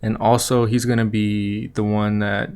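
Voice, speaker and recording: Smooth-voiced man recapping an anime episode. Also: on the low side, little pitch movement, a little slow, darkish tone. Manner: loose, rambling retelling with light chuckles. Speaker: anime review podcast host.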